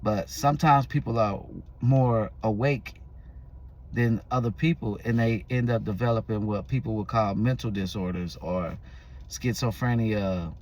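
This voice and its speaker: A man's voice: on the low side, unhurried, darkish tone, a little hiss or hum. A man vlogging, telling a story in a loose, rambling casual way with restarts and fillers.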